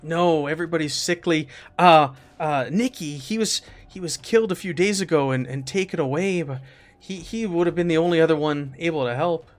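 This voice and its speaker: A man's voice: fairly high pitch, fairly quick, faint music behind, natural voice. A man putting on a stammering Italian woman prisoner. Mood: weary. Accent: put-on thick Italian. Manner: faltering, stammering, repeating herself.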